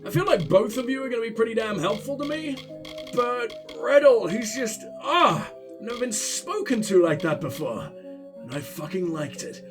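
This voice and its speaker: A high-pitched man rambling through a video game with profane, sarcastic asides. His voice leaps all over the place, with faint music underneath. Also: very animated, normal speed. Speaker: let's play host. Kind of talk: gaming commentary.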